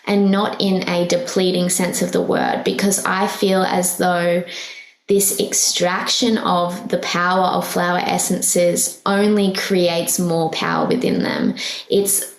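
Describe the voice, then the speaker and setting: A woman's voice: fairly low pitch, takes it slowly, echoey room, slight background noise, rough recording. A woman hosting a podcast, speaking in an earnest, heartfelt way with many fillers and restarts. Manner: emotional, laughing softly at herself. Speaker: podcast host. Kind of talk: casual spiritual podcast monologue.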